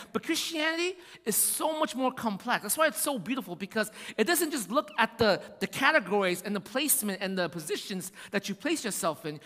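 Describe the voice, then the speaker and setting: A man preaching a sermon in an animated way, acting out voices and often asking "right?". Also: high voice, big-room sound. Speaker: pastor.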